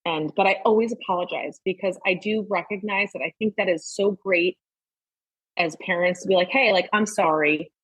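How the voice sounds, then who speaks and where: Breathy woman in her 30s, guest on a mom podcast, blunt and sweary, says like a lot. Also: mid-range voice, steady tone, brisk, no echo, low-quality recording. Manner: candid, swears freely, lots of "like". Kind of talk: casual chat.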